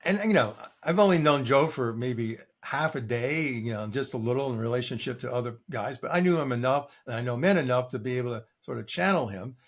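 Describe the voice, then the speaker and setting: An older man, a coach being interviewed, telling stories in a lively way and acting out what his clients say. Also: mid-range voice, brisk, few pauses. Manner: animated storytelling, acting out quoted clients. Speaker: coach and guest. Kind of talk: conversational interview answer.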